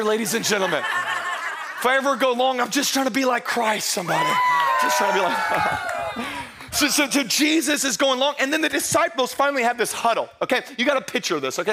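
A high-pitched, bright man preaching a playful sermon, acting out the scene with comic asides. His voice is tense and forceful, and he often speeds up into laughter-filled delivery. A faint hum of noise sits underneath. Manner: playful storytelling, acts out disciples in low hushed voices. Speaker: pastor. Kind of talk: humorous sermon.

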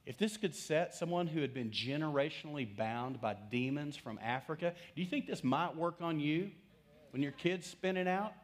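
A man's voice: fairly high pitch, moderate pace. A middle-aged male pastor preaching a sermon, telling a story and putting questions to his congregation.

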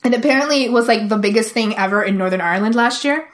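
A woman's voice: a little high, fast. A woman co-hosting a podcast, chatting casually and enthusiastically, with "like" in almost every phrase. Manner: enthusiastic, constant "like" fillers. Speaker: podcast co-host. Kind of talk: casual chat.

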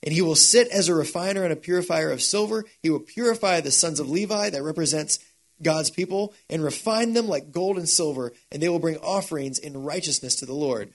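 A pastor preaching a sermon in a casual, animated storytelling way. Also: male voice, on the high side, a little fast.

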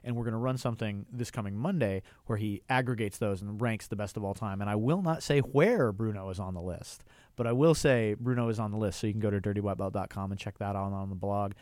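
On a casual radio interview, a male host chats enthusiastically with a studio guest. His voice is fairly low and darkish, his pace quick, and the studio mic gives a dry recording.

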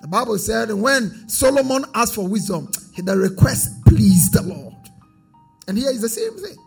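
Husky high-voiced male preacher, sing-song. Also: expressive, measured pace, soft background music. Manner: sing-song preaching cadence, call-and-response. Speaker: pastor. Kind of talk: sermon.

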